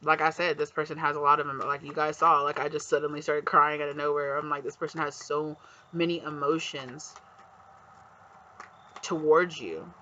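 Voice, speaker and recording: A man's voice: on the high side, fairly even intonation, normal speed, sharp tone, a little hiss or hum. Chatty man giving a rambling tarot reading. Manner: rambling, lots of "like" and "right?", acts out quotes. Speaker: tarot reader. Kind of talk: casual spoken tarot reading. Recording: slightly dull lo-fi audio, faint background ambience.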